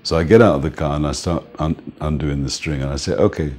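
Very deep-voiced older man telling stories. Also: quick pace. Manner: animated storyteller, laughs often, acts out the people he quotes. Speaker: music manager interviewed. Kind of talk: anecdotal interview storytelling.

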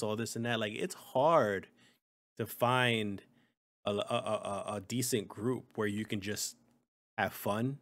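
A man's voice: lowish voice, a little slow. A man co-hosting a gaming podcast in casual chat, easygoing, with lots of fillers and casual swearing. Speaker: podcast co-host.

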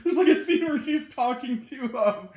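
A man with a notably high voice gives a casual movie review for his own channel. He rambles happily, leaning on filler words and chuckling through the bits he retells. The recording carries a roomy echo. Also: animated, normal speed, darkish tone.

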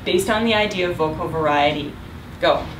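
A woman's voice: fairly low pitch, normal speed. A woman leading a group voice workshop as an upbeat, encouraging guest speaker, in a meeting room. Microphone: distant room mic. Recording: roomy, distant, noisy room recording.

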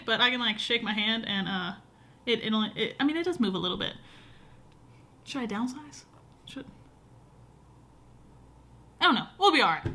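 A woman's voice: on the high side, animated, fairly quick, long pauses, bright, forceful tone, a little hiss or hum. A young woman vlogging at home, talking casually to a camera on a tripod in a rambling, chatty way with lots of fillers. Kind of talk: casual vlog chat. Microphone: camera on a short tripod.

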